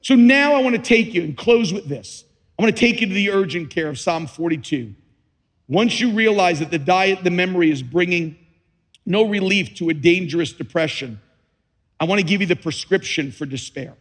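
A man's voice: high voice, lively intonation, normal speed, big-room sound. A man preaching a sermon as pastor, building in fervor and repeating his key lines for emphasis.

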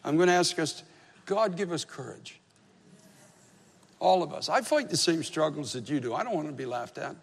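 A man's voice: fairly high pitch, lively intonation, moderate pace, creaky, long pauses. A man, probably in his fifties, preaching as a pastor, telling a personal story with conversational, self-deprecating humor. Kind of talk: sermon with storytelling. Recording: reverberant hall.

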